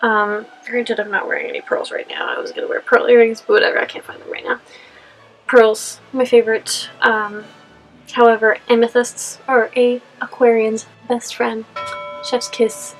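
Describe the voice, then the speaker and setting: Chatty young woman, slightly high voice. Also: fairly even intonation, moderate pace, soft background music, poor audio. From California. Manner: chatty, rambling, frequent fillers and laughs. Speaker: costume vlogger. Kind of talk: casual Q&A vlog.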